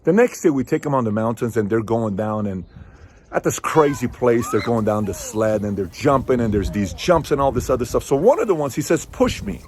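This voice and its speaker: A man in his thirties, a show host, telling a personal story to camera in a casual, emphatic way with sudden loud peaks. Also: medium pitch, lively intonation, a little fast, slight background noise.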